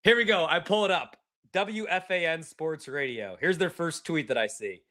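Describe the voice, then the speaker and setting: A man's voice: on the high side, normal speed, sharp tone. A man co-hosting a casual sports podcast, joking and swearing freely. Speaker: podcast co-host.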